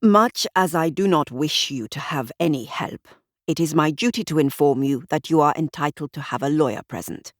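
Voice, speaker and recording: A woman voicing a calm, formal male detective with a precise, measured manner, in an audiobook mystery. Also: a little high, dry recording, studio quality, pitched below the performer's own voice, natural voice. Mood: cold.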